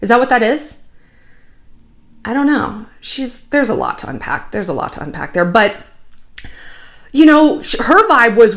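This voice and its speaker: A woman in her thirties hosting a casual commentary vlog, chatty and animated with sarcastic asides. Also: fairly high pitch, unhurried, long pauses. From United States. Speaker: YouTube commentary host.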